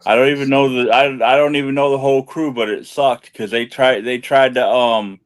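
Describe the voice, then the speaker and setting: Young male co-host, mid-pitched, rambling and profane, stumbles and restarts. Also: steady tone, brisk. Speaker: podcast co-host. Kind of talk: casual banter.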